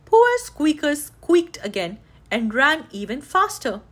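A woman reading a children's book aloud, bringing the characters' lines to life with excitement. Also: high-pitched, slow. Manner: lively, voices characters' lines with raised excitement. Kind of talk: read-aloud storytelling.

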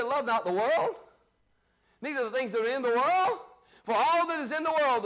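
A man preaches a fiery sermon from the pulpit. His voice sits very high for a man. He shouts his main points and falls to low, muttered asides in between. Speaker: pastor.

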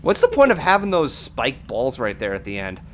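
A man streaming a video game, chatting casually with friends and swearing loudly at every setback. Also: mid-range voice, wildly swooping pitch, moderate pace, slight background noise. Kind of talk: casual gameplay chat.

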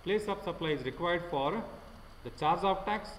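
A man with an Indian English accent teaching an online class, talking haltingly with many fillers and repeating himself. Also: sits high, roomy sound, in a large hall, slight background noise, low-quality recording. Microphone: computer mic without headphone.

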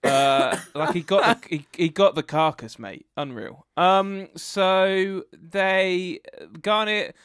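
A man's voice: high-pitched, takes it slowly, hardly any pauses, fairly bright tone, smooth, no room sound, clean studio sound. British man rambling through a recap. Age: young adult. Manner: rambling recap with frequent ums and laughs. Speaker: podcast co-host. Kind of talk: casual podcast chat.

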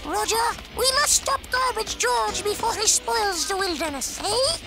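Wide-eyed cartoon kid boy, super high and bouncy, bit of gravel. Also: expressive, normal speed, over loud music, full character voice. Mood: curious. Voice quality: whiny, wide-eyed, wondering. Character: curious imaginative little boy.

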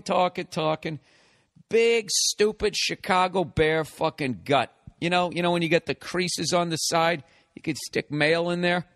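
A man hosting a podcast, telling a story in a profane, animated comedic rant. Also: fairly high pitch. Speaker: podcast host.

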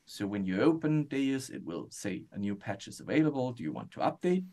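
A man casually explaining development news on a live stream. His voice sits at an ordinary middle pitch. He talks in an easygoing, plain way, often pausing on um. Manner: relaxed, explains plainly, many ums. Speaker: developer guest on a product stream.

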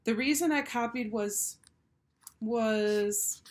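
Storybook role: a nervous little schoolgirl who stammers and rushes her fibs, voiced by a woman reader, pitched high. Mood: flustered. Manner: hesitant, stammering, talks fast when cornered. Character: chatty nervous little first-grade girl. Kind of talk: children's storybook read-aloud.

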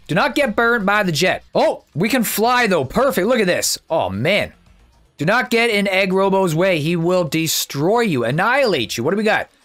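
Excitable man narrating gameplay. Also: sits high. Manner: excitable, chatty, thinks out loud. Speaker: gameplay YouTuber. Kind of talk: casual gameplay commentary.

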